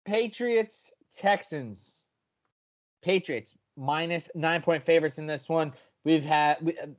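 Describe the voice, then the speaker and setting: Man, sports betting podcast host, brash and profane, fairly high voice, slightly dull lo-fi sound. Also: darkish tone. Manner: brash, swears freely, quick picks talk. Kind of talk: casual sports betting chat.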